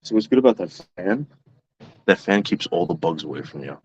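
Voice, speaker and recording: A man's voice: low-pitched, lively intonation, brisk, a little mellow, husky, no echo, dull audio. A man vlogging to his viewers from his backyard at night, rambling, boastful and crude in casual chat. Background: fan running.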